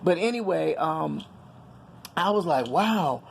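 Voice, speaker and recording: A woman's voice: on the low side, lively intonation, slow pace, vocal fry, slight background noise. A middle-aged woman talking candidly and earnestly to her viewers in a casual personal vlog, preaching a little as she goes. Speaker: vlogger. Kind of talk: casual personal vlog on faith and current events.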